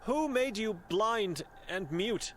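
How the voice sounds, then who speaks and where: A man's voice: sits high, expressive, slow, a bit bright, slight background noise, full character voice. A man playing an earnest young monk searching for his sister in a video game, asking polite, concerned questions. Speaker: player character. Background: game music.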